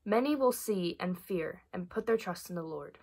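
A woman reads a psalm aloud during a worship service with a measured, steady delivery. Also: on the low side, gravelly, slightly rough. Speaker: scripture reader. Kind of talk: reading scripture aloud in worship.

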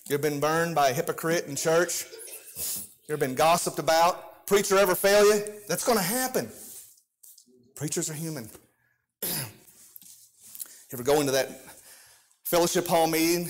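A man's voice: a little high, moderate pace, long pauses. A pastor preaching a sermon with an impassioned, sing-song cadence and frequent call-outs to his congregation.

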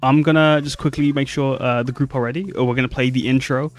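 A man narrating as dungeon master, casual and halting with fillers. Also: mid-range voice, steady tone, soft background music. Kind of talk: narrating a tabletop game.

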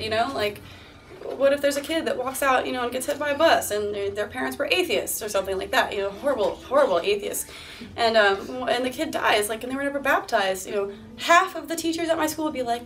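A woman's voice: a little high, brisk, fairly bright tone. A young woman in her twenties speaking candidly as a guest at a university talk, laughing often and acting out quoted lines. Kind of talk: interview-style talk to a live audience. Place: university lecture room. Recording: distant mic with faint room noise.

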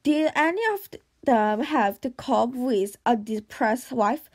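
Woman narrator for an audiobook, high voice, steady read with a few slips. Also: slow. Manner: steady reading with occasional stumbles and restarts. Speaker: audiobook reader. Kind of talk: audiobook reading.

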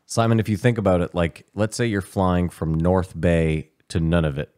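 A man's voice: sits low, fairly even intonation, moderate pace, darkish tone, smooth. A man in comedic podcast banter, talking crudely and restarting his sentences to hold the floor.

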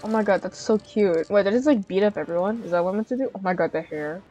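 A young woman playing a video game and reacting out loud, giggling often and shrieking with excitement. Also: medium pitch, quick pace. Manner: giggly, excitable, squealing exclamations. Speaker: gamer. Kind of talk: casual gameplay commentary. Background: game music.

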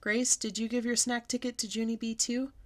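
A woman's voice: a little high, little pitch movement, brisk, voice pushed up, lightly acted. Woman doing a stern strict schoolteacher. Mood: questioning. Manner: stern, clipped.

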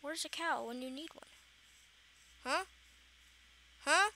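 A woman's voice: sits high, slow pace, pushed and bright. A woman casually commenting on her own survival game, chatty and playfully exasperated, talking to herself as she plays. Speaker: gaming channel host. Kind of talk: casual Minecraft let's play commentary.

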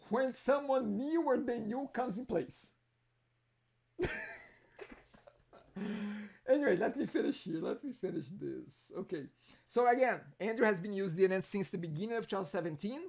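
Chatty, joking meetup host with an accent. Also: male voice, high voice, darkish tone. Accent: non-native English. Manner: chatty, joking, with many restarts. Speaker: user group host. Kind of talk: casual meeting introduction.

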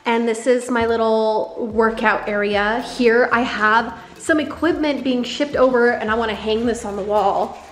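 A woman vlogger giving an excitable, chatty tour of her own home. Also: a little high, a little slow, few pauses. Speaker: lifestyle vlogger. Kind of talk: casual home tour vlog.

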